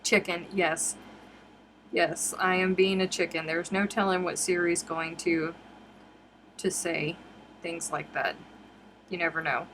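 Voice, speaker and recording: A woman's voice: fairly low pitch, fairly even intonation, a little slow, pauses often, fairly bright tone, a little hiss or hum. Chatty woman hosting a live stream. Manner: chatty, reads viewer comments aloud and answers them. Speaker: crochet live-stream host. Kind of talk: casual live-stream chat. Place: home, on a live webcam stream.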